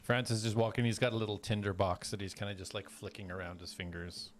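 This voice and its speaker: Low-voiced man running a tabletop game. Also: fast talker, a little hiss or hum. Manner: relaxed narration with fillers. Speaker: game master.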